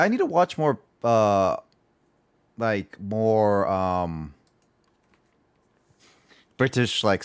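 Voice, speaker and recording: A man's voice: low voice, clean tone. A man streaming a video game, chatting casually and rambling, often repeating his words. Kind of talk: casual gaming livestream chat.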